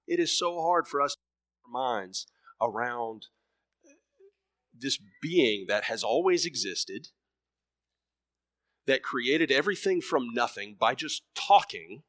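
A man preaching a sermon in his thirties, with a voice of middle pitch. He talks emphatically, repeats himself, and drops from loud bursts to soft murmurs. The sound is dry and close, with no room echo.

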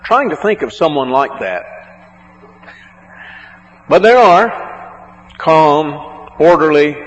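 A man preaching a sermon on marriage, slow and emphatic, drawing out words for stress. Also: on the high side, expressive. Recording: muffled, with a long hall echo.

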